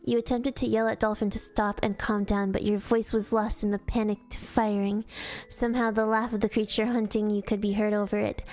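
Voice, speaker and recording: A woman reads a fan story aloud to her stream, her voice sitting at an ordinary middle pitch. She tells it in a storytelling manner, now and then tripping over a word and starting again. Quiet music plays faintly behind her. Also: flat delivery, fairly quick. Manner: storytelling read-aloud with casual slips and restarts. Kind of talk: reading fanfiction aloud on stream.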